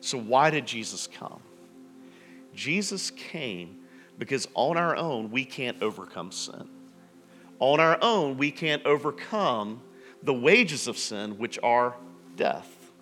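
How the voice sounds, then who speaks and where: A man preaching a sermon in a relaxed, conversational storytelling way, with frequent restarts and asides. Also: medium pitch, slow, soft background music. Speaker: pastor.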